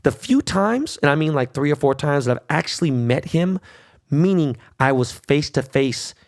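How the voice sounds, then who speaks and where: A man's voice: medium pitch, gravelly, darkish tone. A middle-aged man hosting his own podcast, ranting brashly and cursing a lot. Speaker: podcast host. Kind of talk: solo podcast rant.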